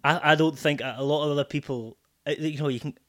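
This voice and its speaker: A man's voice: a little high, steady tone, quick pace, a bit bright. A Scottish man, a sobriety coach, talking thoughtfully in a casual podcast conversation.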